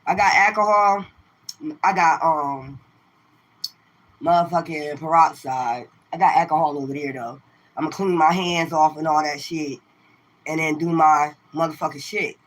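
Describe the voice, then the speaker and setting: A woman's voice: low voice, a little slow. A woman streaming live to her viewers, ranting in a profane, confrontational way and firing the same rhetorical questions again and again. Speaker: tarot reader livestreamer. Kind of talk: livestream rant to viewers.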